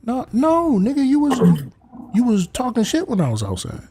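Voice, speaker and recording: Brief: man putting on a sassy grown dog, squawky and indignant, pitched way up. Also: huge pitch swings, normal speed, mellow, a little hiss or hum, full character voice. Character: mouthy grown male dog, scolding.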